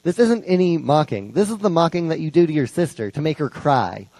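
A man's voice: on the high side, very animated, brisk, darkish tone, dry recording, low-quality recording. A man retelling a Bible story in a casual, conversational way, often restarting and repeating words.

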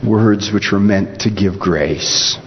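A man preaching a sermon, animated, dropping low and slow when he quotes scripture. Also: a little hiss or hum. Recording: dull reverberant hall.

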